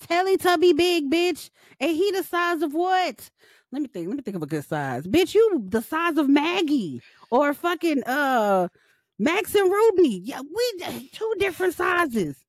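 A young woman co-hosting a podcast, ranting loudly and joking with lots of profanity. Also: high voice, big pitch swings, a little slow, no echo. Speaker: podcast co-host. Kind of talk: casual chat.

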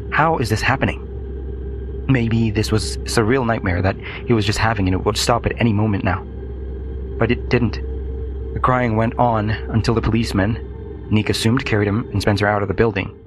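A man narrating a scripted story in a steady, dramatic manner. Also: on the low side, noisy background.

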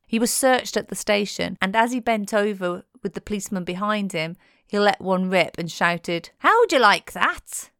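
A woman's voice: mid-range voice, steady tone, normal speed, clear, resonant tone, no echo, clean studio sound. A woman presenting in a playful, cheeky tone, reading a scripted narration.

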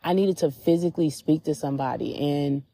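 A woman with a low, mellow, husky voice hosts a podcast while sitting outdoors at a beach. Talking a little fast, she shares her spiritual reflections candidly and chattily, leaning heavily on "like" as a filler.

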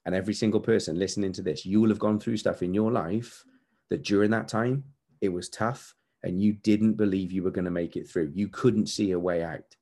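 A man's voice: sits low, steady tone, fairly quick, warm tone, slightly rough. A man in his forties hosting a podcast, giving an earnest, candid motivational monologue with repeated emphatic phrases. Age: 40s. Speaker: podcast host.

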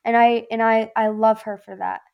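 A woman's voice: fairly high pitch, level tone, moderate pace, gravelly, muffled recording. Blunt, profane Southern woman. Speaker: podcast guest, former Marine. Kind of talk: casual podcast chat.

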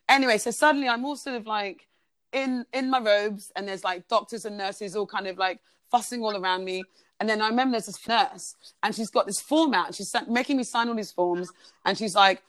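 A woman's voice: mid-range voice, brisk, a bit bright, no echo. A woman, a podcast guest telling a personal story in a chatty way, full of "like" and "basically".

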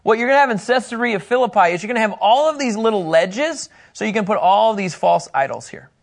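A man teaching a Bible lesson in a room, animated and joking, acting out little scenes and talking with people in the room. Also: high voice, fast, vocal fry.

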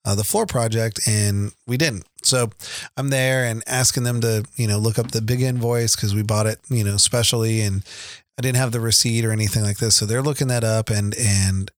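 A man's voice: on the low side, fairly even intonation, moderate pace, no echo, studio quality. A middle-aged man, co-hosting a podcast and telling a rambling story about his son, with many fillers and restarts. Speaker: podcast co-host, father. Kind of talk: casual storytelling chat.

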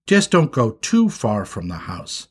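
A man voicing calm skunk parents. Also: mid-range voice, measured pace, husky, exaggerated voice. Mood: reassuring.

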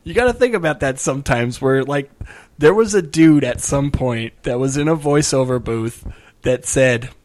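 A young man hosting a podcast in casual chat, laid-back, laughing easily and chiming in with quick agreements. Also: mid-range voice, darkish tone. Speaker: podcast host.

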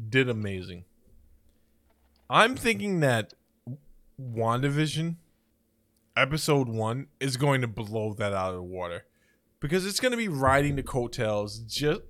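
A man co-hosting a late-night pop-culture chat, his pitch swinging widely as he makes his case. He talks in an opinionated, speculative way and keeps hiccuping. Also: fairly bright tone. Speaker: podcast co-host.

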